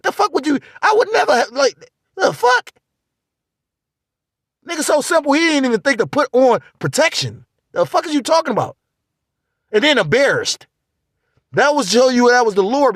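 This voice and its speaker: A man's voice: extremely high pitch, no echo, clean studio sound. A man vlogging a casual spiritual monologue, rambling and profane. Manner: profane, rambling, animated ranting.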